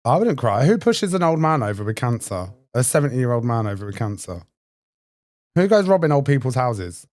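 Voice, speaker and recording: A man's voice: medium pitch, a little mellow, dry recording. A man trading brash, sweary, mocking insults during a livestream battle. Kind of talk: taunting livestream banter.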